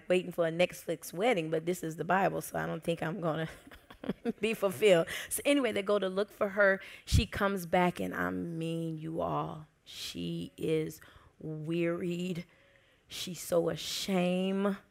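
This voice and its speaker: A woman pastor preaching a sermon, telling a story with lively expression and dropping to soft whispers at tender moments. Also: fairly low pitch, a little slow, vocal fry.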